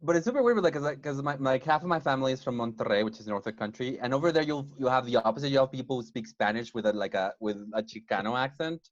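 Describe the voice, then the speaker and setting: A man comedian talking casually on a podcast in quick, filler-heavy bursts, recorded a little dull. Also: mid-range voice, no echo. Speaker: comedian guest.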